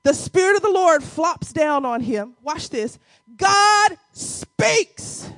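A high-pitched woman preaching a sermon, her voice dry and close with little room sound. She moves between hushed Bible teaching and fervent, shouted calls, speaking to her listeners in a casual, familiar way. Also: animated, slow, no room sound. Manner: swings from quiet teaching to shouted, crying exhortation; colloquial, addresses congregation as y'all.

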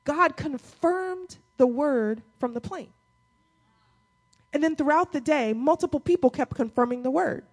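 A woman pastor delivers a sermon in a loose, conversational way. She acts out quotes and reactions as she talks, and her voice sits slightly high. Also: measured pace, darkish tone. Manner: conversational preaching with acted-out quotes.

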